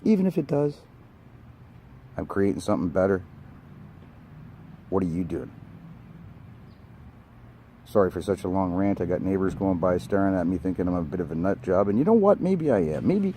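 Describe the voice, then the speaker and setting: A low-voiced older man rants outdoors with a blunt, emphatic manner. His tone is mellow, and he swears casually. Faint background noise can be heard around him. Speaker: network engineer. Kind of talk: ranting vlog monologue. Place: outdoors by a street.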